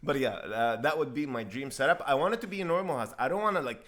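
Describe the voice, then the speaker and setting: A man co-hosting a casual podcast chat, talking in an animated and joking way. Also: mid-range voice, quick pace. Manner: animated and joking, with frequent laughs.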